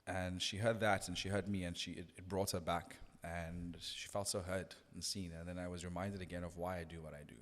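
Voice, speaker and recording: An earnest man recounts a story at a thoughtful pace. His voice sits low, and the room leaves a long reverb trail behind each phrase. He restarts his sentences often as he reflects. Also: little pitch movement, brisk, few pauses, a bit bright. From South Africa. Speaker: radio DJ guest. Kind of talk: casual podcast conversation.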